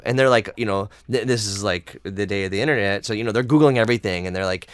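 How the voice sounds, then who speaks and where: A man hosting a podcast, chatting casually and telling rambling, animated stories. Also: fairly low pitch, quick pace, few pauses, smooth, dry recording, studio quality. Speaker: podcast host. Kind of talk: casual interview chat.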